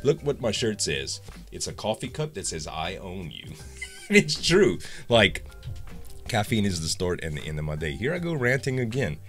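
A man's voice: on the low side, big pitch swings, moderate pace, a bit bright, soft background music. A young man, vlogging casually to his viewers in a rambling, upbeat way with lots of fillers. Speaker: gaming YouTuber. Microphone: facecam.

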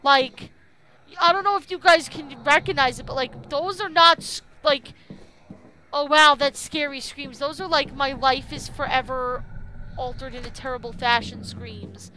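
High, bright young woman streaming horror. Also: fairly even intonation, unhurried. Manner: frightened, swearing, cries out often. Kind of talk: live horror game commentary.

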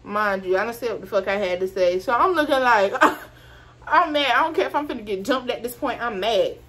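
A woman, telling a casual, animated storytime full of swearing and laughter. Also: on the high side, moderate pace. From Georgia, US. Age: 20s. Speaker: vlogger.

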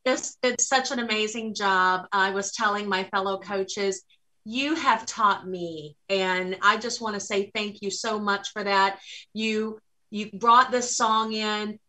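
Woman, bright voice, gushing, grateful coach. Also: mid-range voice, steady tone, takes it slowly, rough recording. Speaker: vocal coach. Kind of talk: coach's praise.

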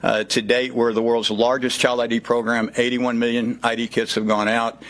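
A man's voice: medium pitch, level tone, moderate pace, a bit bright. Man, 50s, Southern Texas accent, folksy speaker at a press event, filler-heavy. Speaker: child safety program speaker. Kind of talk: speech at a press conference.

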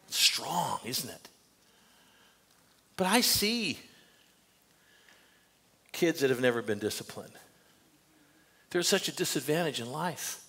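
An older man preaching a sermon as pastor, emphatic and earnest, often dropping to quiet, confiding asides. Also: medium pitch. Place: church sanctuary.

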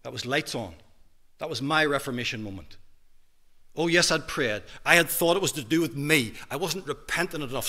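A man in his fifties with a Northern Irish accent, a minister giving an emphatic testimony sermon in a church hall, dropping to a hush and then rising loud. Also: fairly high pitch, animated, a little fast. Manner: emphatic preaching with big swings from hushed to loud.

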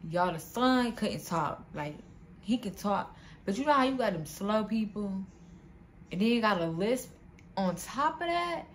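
A young woman vlogger telling a storytime to her viewers in an animated, slangy way, often calling them "y'all". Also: fairly low pitch, a little hiss or hum. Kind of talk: casual storytime vlog.

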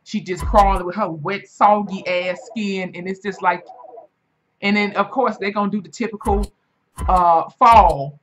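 A woman in her twenties hosting a reaction video, telling stories in a casual, animated and profane way. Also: measured pace, slight background noise. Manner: animated, profane storytelling with big pitch swings.

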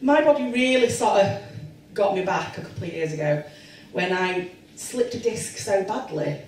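A woman in her forties performing a stand-up comedy set, self-deprecating and bawdy with deadpan asides. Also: medium pitch, moderate pace, far from the mic, slight background noise. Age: 40s. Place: comedy club stage with audience. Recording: roomy live club sound with crowd laughter.

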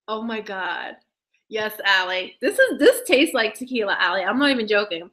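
A woman's voice: a little high, wildly swooping pitch, takes it slowly, pauses often, bright, forceful tone. A young woman chatting to her viewers in a rambling, giggly way, swearing freely. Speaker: YouTuber talking to live chat. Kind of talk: casual chat to viewers.

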